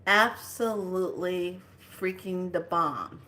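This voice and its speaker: Brief: woman, lowish, bright and forceful tone, chatty spiritual vlogger storytelling with laughs. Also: slow pace. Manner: animated, laughing, squeals in quoted lines. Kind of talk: casual storytelling.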